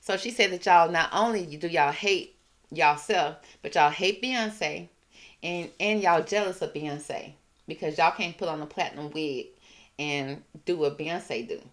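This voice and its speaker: Sassy woman, kinda low voice, mocking commentary, drags out her jabs. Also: a bit bright. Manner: sassy, mocking, drawn-out emphasis. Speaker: commentary channel host. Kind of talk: casual commentary, reading and reacting.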